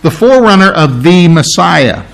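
A man's voice: fairly high pitch, sing-song, moderate pace, vocal fry. A man, preaching a conversational sermon, often restarting and correcting himself. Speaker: pastor.

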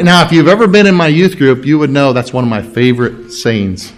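A man preaching a sermon in church, animated and emphatic, stopping to explain Greek words. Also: fairly high pitch, moderate pace. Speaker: pastor.

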